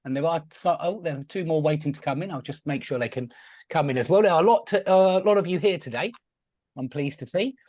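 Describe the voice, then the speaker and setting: A man's voice: a little high, fast talker, darkish tone, dry recording, studio quality. A man teaching an online English class over a video call, friendly and chatty, asking his students questions.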